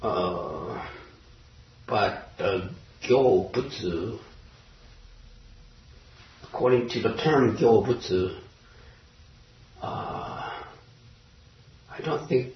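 Man, Zen talk, slow hesitant delivery, dull lo-fi recording. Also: on the low side, lively intonation. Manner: halting, many pauses and fillers, searching for words. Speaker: Zen teacher. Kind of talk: dharma talk. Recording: roomy, distant, dull lo-fi recording.

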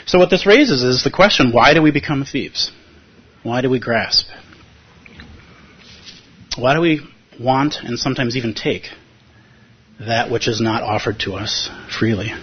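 Brief: male Zen teacher, husky, dull lo-fi room recording, casual talk to a group. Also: mid-range voice, animated, measured pace, long pauses. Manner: conversational, playful, acts out inner voices. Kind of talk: dharma talk. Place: meditation hall with a live audience.

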